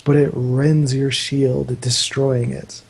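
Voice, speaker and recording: A man's voice: medium pitch, level tone, slow pace, gravelly, darkish tone, slight background noise, low-quality recording. A man running a tabletop game as game master, narrating loosely with lots of "like" fillers. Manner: loose, meandering, full of "like" fillers.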